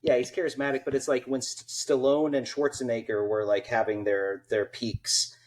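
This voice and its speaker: A man's voice: mid-range voice, flat delivery, normal speed. A man co-hosting a podcast, giving firm opinions and teasing the others. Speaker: podcast co-host. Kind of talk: casual chat.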